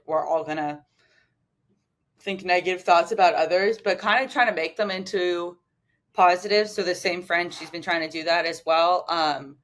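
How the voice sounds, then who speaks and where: A woman in her twenties cohosting a podcast, chatting candidly with many "like" fillers. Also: fairly low pitch. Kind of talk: casual chat.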